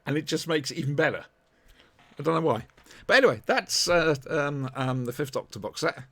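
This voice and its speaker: This man hosts a podcast in a loose, rambling way, with plenty of ums and restarts. His voice is gravelly, and his pitch moves a lot as he talks, rising and falling in lively swings. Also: brisk, no room sound. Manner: rambling, animated, many ums. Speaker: podcast host. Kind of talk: casual chat review.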